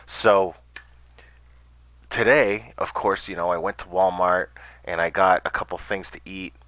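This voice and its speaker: A man's voice: low voice, steady tone, measured pace, fairly bright tone, no echo. A man telling a personal story casually, rambling with stammered restarts and swearing.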